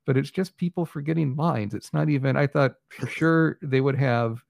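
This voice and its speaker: Gravelly man rambling wryly. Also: medium pitch, moderate pace, darkish tone, no echo, studio quality. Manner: rambling, hesitant restarts, wry. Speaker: podcast co-host, film reviewer. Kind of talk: casual chat.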